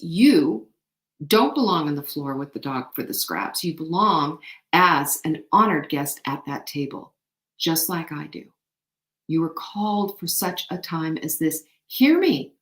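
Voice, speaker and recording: A woman hosting a show, giving an animated, faith-filled motivational talk to women. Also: on the low side. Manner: animated, emphatic, faith-inspired encouragement. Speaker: show host. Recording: echoey room.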